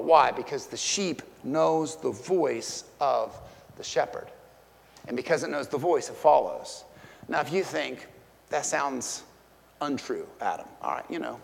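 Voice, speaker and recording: High-voiced pastor preaching in a reverberant hall. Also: male voice, a bit bright. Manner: conversational, storytelling with direct questions to listeners. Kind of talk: sermon.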